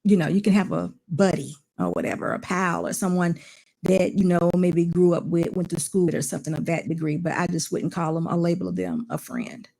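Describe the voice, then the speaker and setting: A panelist on a casual discussion speaks in a measured, hesitant way, pausing often with "um". The voice has a strong gravelly fry. It sits at a middle pitch. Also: very animated, mellow.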